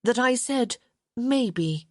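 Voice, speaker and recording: A woman's voice: fairly high pitch, lively intonation, drawn-out words, no room sound, clean studio sound, voice pushed up, heavily acted. A woman voicing a tart, impatient young lady who bickers with her brother in an audiobook. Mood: exasperated. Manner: tart and firm.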